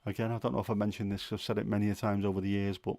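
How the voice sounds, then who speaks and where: Low, flat-voiced man musing. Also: racing, dry recording. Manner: rambling, musing, with many fillers and restarts. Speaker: livestream host. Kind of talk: casual chat.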